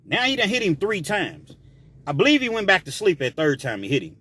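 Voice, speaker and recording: Guy telling a story, slangy and animated, voice jumps around a lot. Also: high-pitched, fairly quick, slightly rough. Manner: animated, slangy, shouts sound effects. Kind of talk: casual storytelling.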